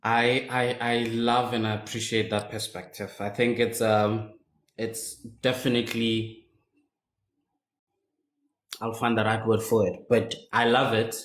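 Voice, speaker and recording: A man's voice: lowish voice, flat delivery, measured pace. A man hosting a live stream discussion, thoughtful and hesitant, with many fillers. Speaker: host. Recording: roomy echo.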